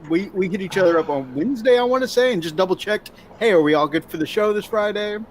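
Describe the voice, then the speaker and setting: A man co-hosts a casual live stream, his voice pitched high. He is upbeat and reads out viewer comments. A faint hiss sits behind him. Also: lively intonation, fast talker. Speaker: co-host. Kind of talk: casual chat.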